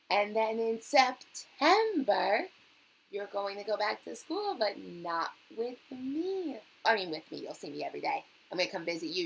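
Cheerful gravelly teacher woman, slow and bright. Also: mid-range voice, low-quality recording. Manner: cheerful, sing-song, spells words out slowly. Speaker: kindergarten teacher. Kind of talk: remote video lesson for young children.

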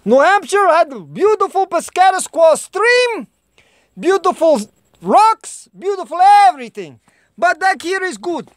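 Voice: extremely high pitch, very animated, measured pace, no echo, heavily acted. A performer putting on a Russian-accented home vlogger who rambles in broken English, making jokey asides. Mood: chatty. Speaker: vlog host. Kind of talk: comedic home vlog monologue.

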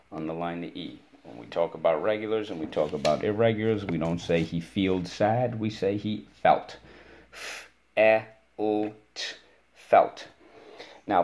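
A man's voice: low-pitched, dark tone. A man teaching a spelling lesson to a child, patiently spelling words out letter by letter and giving encouragement.

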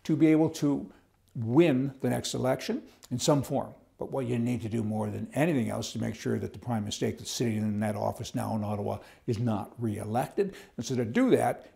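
A man's voice: medium pitch, a little fast, creaky, mellow. A man giving a blunt, rambling, opinionated monologue as a political commentator. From Canada. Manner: blunt, rambling, chuckles at his own points.

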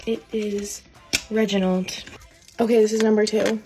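An out-of-breath woman chatting excitedly as she unboxes packages. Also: medium pitch, unhurried, background noise. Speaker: unboxing video creator. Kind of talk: casual unboxing chat.

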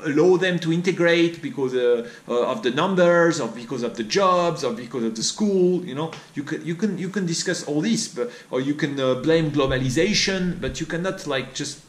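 A man's voice: expressive, normal speed, hardly any pauses. French-accented man, echoey room. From France. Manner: repetitive, rhetorical questions, mimics others in high voice. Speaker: vlogger. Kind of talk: opinion monologue. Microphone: studio mic on boom arm.

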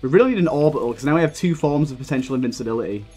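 A young man commenting on his own gameplay, swearing freely and getting heated as he talks. His pitch swings widely from line to line. Faint game music plays beneath his voice. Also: animated, racing, mellow, breathy edge. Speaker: gaming video creator.

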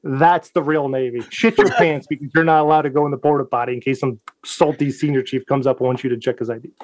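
A man's voice: mid-range voice, quick pace. A man, a Navy veteran from the United States, telling a story in a casual podcast chat, swearing freely and acting out what he said back then. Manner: profane, animated, acts out his own quotes.

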